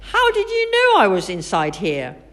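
A woman's voice: mid-range voice, wildly swooping pitch, moderate pace, fairly bright tone, pitched above the performer's own voice. A woman voicing a friendly young schoolboy who sounds impressed.

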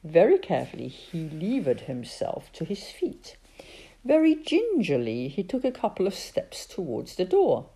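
Low, mellow woman reading a storybook. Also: huge pitch swings, normal speed, slightly rough. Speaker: narrator.

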